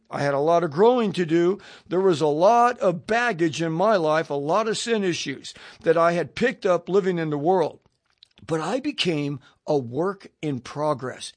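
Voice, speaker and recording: An older man with a notably high voice tells his personal testimony to radio listeners, animated and acting out every exchange. The sound is close and dry, with no room around it. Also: no echo. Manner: animated storytelling, acting out both sides of dialogues.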